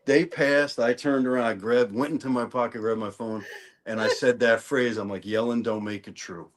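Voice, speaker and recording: Speaking at normal speed in a mid-range voice, a male songwriter from New Orleans, Louisiana guests in a casual interview. He tells stories in a relaxed way, frequently restarting and repeating himself.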